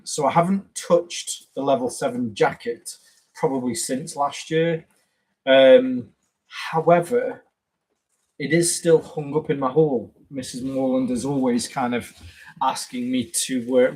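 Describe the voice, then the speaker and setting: Husky, rambling live stream host. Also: male voice, medium pitch, fairly even intonation, unhurried, darkish tone, low-quality recording. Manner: rambling, greets viewers by name. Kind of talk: casual live stream chat.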